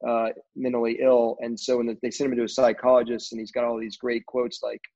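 A man's voice: mid-range voice, level tone, brisk, a little mellow. A middle-aged man from film crews, casually telling a rambling story full of "you know" fillers. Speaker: film crew guest. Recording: dull lo-fi recording.

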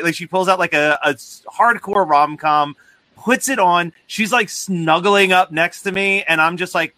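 A man's voice: a little high, moderate pace, pushed and bright, no room sound. A man hosting a podcast, telling a story in a casual way and laughing as he talks. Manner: laughs through his stories. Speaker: podcast host.

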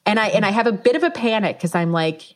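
A woman in her thirties telling a personal story in a casual, animated way, acting out the lines she quotes. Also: mid-range voice, fast talker. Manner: animated, acts out quoted speech.

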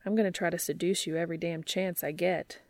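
A woman voicing a brash, eager adult man, speaking in a hushed, urgent way in an amateur audiobook reading. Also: fairly low pitch, fairly even intonation, quick pace, dry recording, close to an everyday voice.

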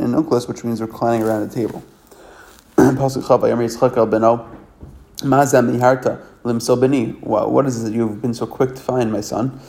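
A man reads scripture aloud and translates it line by line, in a lesson. His voice is gravelly and dark, with a rough fry underneath. He pauses often, corrects himself, and restarts half-finished words. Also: medium pitch. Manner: halting, self-correcting reading with many restarts. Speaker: Torah study reader. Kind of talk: reading and translating scripture verse by verse.

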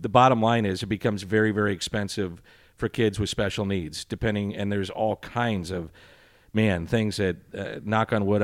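Dry-humored middle-aged man, low voice. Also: dry recording. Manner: dry, sarcastic, rambling storytelling. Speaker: sports broadcaster. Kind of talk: interview answers.

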